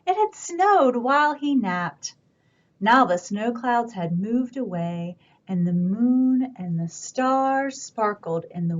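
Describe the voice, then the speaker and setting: Slow, gentle storytime librarian woman. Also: a little high, sing-song. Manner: slow, gentle, coaxing questions to kids. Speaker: children's librarian. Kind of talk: virtual children's storytime reading. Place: library room, indoors. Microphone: camera on a stand. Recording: dull lo-fi camera audio, faint room hiss.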